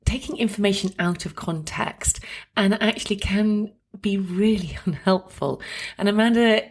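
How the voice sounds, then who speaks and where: A woman's voice: mid-range voice, normal speed. A middle-aged woman hosting a podcast, introducing and questioning her guest in an effusive, gushing way. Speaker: podcast host. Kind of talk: podcast interview.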